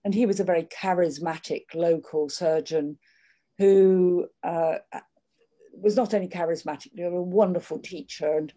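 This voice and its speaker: An older woman speaking in a measured, candid way, with frequent restarts, reflecting on her working life. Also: on the low side, fairly even intonation, mellow. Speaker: interviewee. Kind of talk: reflective conversation.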